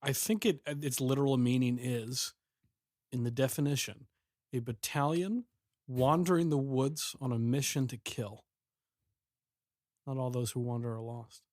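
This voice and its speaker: A man co-hosting a comedy podcast, trading quick, wry jokes in casual chat. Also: mid-range voice, fairly even intonation, a little mellow, dry recording, clean studio sound. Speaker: podcast co-host.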